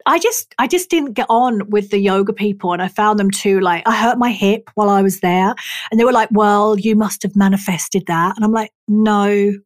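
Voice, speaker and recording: A middle-aged Englishwoman talks about her own life as a therapist would, frank and expressive, swearing without a second thought. Her voice sits at an ordinary pitch for a woman. The recording is close and dry, with no room sound. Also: fairly quick, dry recording. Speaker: talk therapist and body worker. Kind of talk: personal storytelling.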